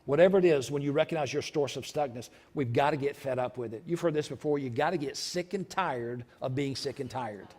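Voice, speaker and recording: A man preaching a sermon in church, repeating lines for emphasis and breaking into loud shouts. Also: medium pitch, fairly quick, hardly any pauses. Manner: preaching with sudden shouted outbursts; repetitive, emphatic delivery. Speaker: pastor. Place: church sanctuary.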